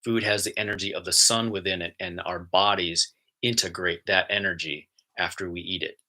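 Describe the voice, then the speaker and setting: A man with a low, bright and forceful voice, talking casually about wellness. He rambles earnestly, restarts his sentences and calls out to people who are watching. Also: fairly even intonation, normal speed. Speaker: wellness vlogger. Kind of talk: casual spoken monologue.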